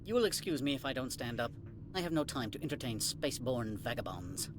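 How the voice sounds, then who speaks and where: An actor playing a curt, condescending middle-aged administrator in a video game. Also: male voice, medium pitch, very animated, a little fast, background noise, natural voice. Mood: dismissive. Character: haughty middle-aged male corporate administrator.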